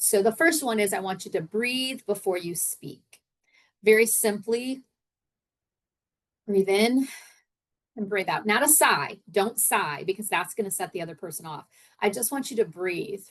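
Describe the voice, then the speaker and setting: A middle-aged woman hosting a casual solo podcast as an executive coach, chatty, with frequent fillers and self-corrections. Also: medium pitch.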